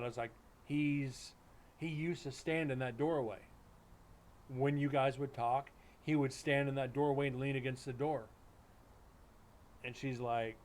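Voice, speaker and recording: A man's voice: mid-range voice, slight background noise. Man telling a ghost story. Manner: rambling, animated storytelling with many restarts and quoted dialogue. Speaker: paranormal investigator. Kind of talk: casual storytelling on a live stream.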